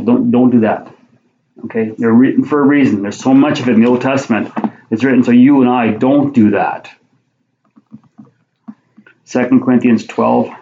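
A man's voice: mid-range voice, a little mellow, slight background noise. A man preaching a sermon, reading Bible verses aloud and then explaining them in plain conversational talk, often repeating his words. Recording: roomy, dull lo-fi sound.

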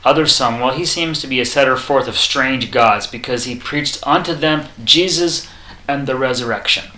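A man preaching a sermon, reading scripture aloud and acting out the quoted lines in a lively way. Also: moderate pace, echoey room, low-quality recording. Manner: animated, acts out quoted lines with rising pitch; reads scripture aloud in King James wording.

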